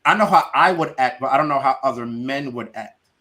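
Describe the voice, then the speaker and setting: A man in his forties chatting on a podcast, animated and telling stories with quoted voices. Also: mid-range voice, brisk. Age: 40s. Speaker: podcast co-host. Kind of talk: casual podcast chat.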